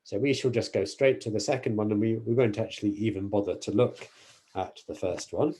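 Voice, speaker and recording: Man, university lecturer, mathematics lecture, mellow warm voice, careful self-correcting delivery. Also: fairly low pitch, fairly quick. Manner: careful, self-correcting explanations with frequent fillers.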